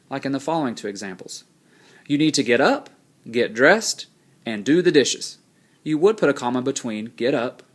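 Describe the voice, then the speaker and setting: A man teaching a recorded grammar lesson, explaining rules plainly and slowing down to read example sentences aloud. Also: mid-range voice, vocal fry.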